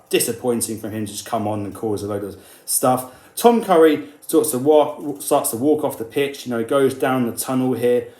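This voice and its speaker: A man giving an opinionated rugby commentary, animated and indignant, sometimes mimicking the people he quotes. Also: mid-range voice, reverberant.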